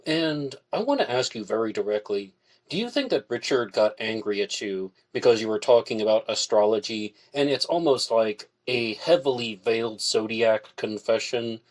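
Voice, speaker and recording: A man with a fairly low voice hosts a true-crime interview show. He frames his questions carefully and puts them plainly to his guest. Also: lively intonation, rough recording. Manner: measured, direct questioning. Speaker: podcast host.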